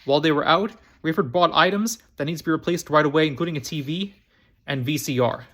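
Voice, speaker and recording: A man reading a novel aloud for his storytime channel, halting with frequent restarts and repeated phrases. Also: a little high, fairly bright tone. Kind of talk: amateur book reading.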